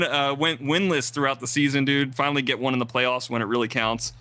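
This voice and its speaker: A man's voice: medium pitch, steady tone, fairly quick, pushed and bright, dry recording. A man hosting a live sim racing broadcast, upbeat and congratulatory as he interviews a winning driver. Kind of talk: live race broadcast banter.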